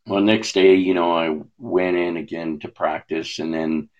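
A man's voice: low voice, fairly even intonation, measured pace, darkish tone, dull audio. A man sharing a personal testimony in a rambling storytelling way, with many fillers and restarts.

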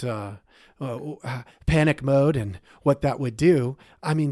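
A man tells a long story on a podcast, stopping often for fillers and restarts. His voice sits at a middle pitch and is recorded close and dry, with no room sound. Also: a little mellow, dry recording. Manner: rambling, many fillers and restarts. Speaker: podcast co-host. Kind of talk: casual storytelling.

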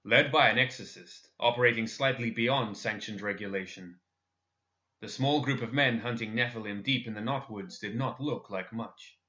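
A man narrates a dark fantasy tale in a measured, expressive storytelling style. His voice is bright and forward, with a mid-range pitch. The recording is a little dull and lo-fi. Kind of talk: dramatic audiobook narration.

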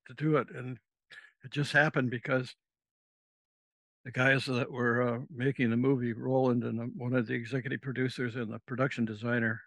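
A former navy officer with a mid-range, slightly bright voice speaks at a moderate pace with flat delivery and no echo. As a podcast guest, he tells a rambling, casual story and acts out the lines of the people in it.

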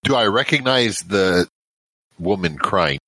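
Deep-voiced man playing a tabletop game. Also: lively intonation, no echo. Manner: earnest, brisk, calls out loudly in character. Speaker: player. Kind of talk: describing his character's actions in a tabletop game.

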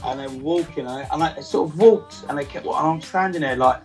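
A man's voice: a little high, brisk, faint music behind, low-quality recording. A man, telling a football fan story casually and acting out his friends' lines. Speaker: celebrity football fan guest. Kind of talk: casual anecdote.

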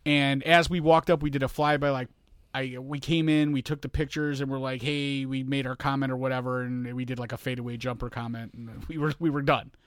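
Man, podcast co-host, dry room sound; relaxed, reflective, chimes in with agreement. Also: medium pitch, a little fast, no room sound. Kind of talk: casual chat.

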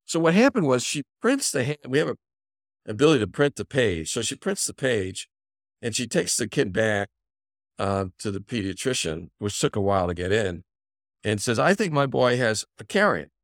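A middle-aged man speaks in a fairly low voice as a podcast guest. He tells stories in a lively way, shifting his voice for the people he quotes. The sound is close and dry. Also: moderate pace, dry recording. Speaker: physician and company founder, podcast guest. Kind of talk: conversational storytelling in an interview.

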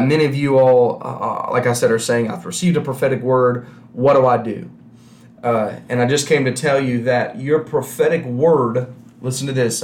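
A man's voice: mid-range voice, a little mellow, reverberant, a little hiss or hum. A man preaching a sermon to a camera with no congregation, talking in a conversational way and repeating key phrases for emphasis. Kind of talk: recorded sermon without congregation.

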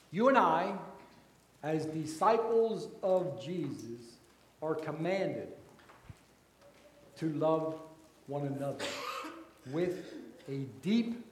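A man preaching a sermon as pastor, slow and deliberate, his voice rising for emphasis and then dropping soft. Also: on the high side, lively intonation, echoey room, slight background noise.

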